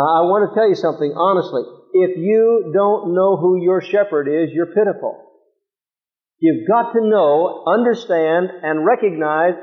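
Male pastor, sermon, emphatic rhetorical questions, somewhat high voice, tinny phone-like sound. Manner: emphatic preaching with rhetorical questions, reading scripture aloud.

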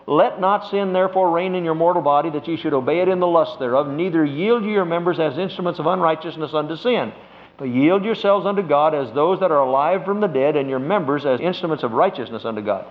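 In a dull, lo-fi recording, a fairly high-pitched man preaches with earnest emphasis. He slows his pace whenever he wants to stress important words.

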